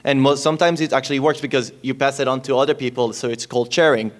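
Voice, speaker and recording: A man on a convention panel giving advice in a rambling, halting way with restarts. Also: medium pitch, fairly even intonation.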